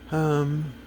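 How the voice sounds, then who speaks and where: A man's voice: a little high, vocal fry, a little mellow, slight background noise. Rambling, profane man talking to camera. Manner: hesitant, full of fillers and restarts; profane, blunt. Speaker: video host. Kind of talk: casual rambling monologue.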